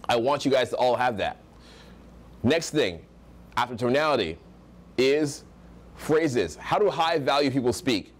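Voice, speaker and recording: Energetic American man coaching a crowd. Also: mid-range voice. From United States. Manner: energetic, projecting, acts out example voices. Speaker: social skills coach. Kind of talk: live seminar teaching.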